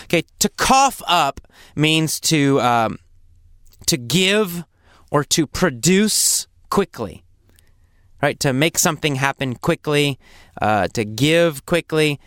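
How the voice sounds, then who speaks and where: Male English teacher, patient and repetitive, clear smooth voice, dry close recording. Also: fairly high pitch, animated, a bit bright, no room sound. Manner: slow, patient, repeats words and examples; acts out coughs and sample phrases. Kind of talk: explaining vocabulary in a lesson.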